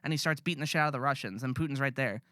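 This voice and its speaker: Guy ranting with lots of swearing, bright crisp voice, dry close sound. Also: medium pitch, very fast, dry recording. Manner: blunt, profane, rambling rants. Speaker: podcast co-host. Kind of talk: casual opinionated chat.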